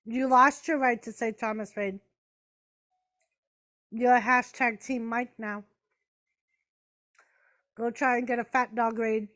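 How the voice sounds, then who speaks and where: A woman's voice: a little high, fairly even intonation, slow, long pauses, fairly bright tone. A woman hosting a casual live-stream watch party, chatting with viewers, calling the action and talking to her pets. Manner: chatty, answers chat and talks to her pets.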